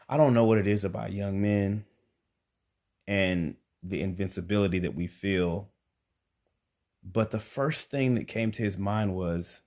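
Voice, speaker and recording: A young man telling a stand-up comedy story, animated, acting out the people in it. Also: lowish voice, normal speed. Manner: animated, acts out quotes with rising emphasis.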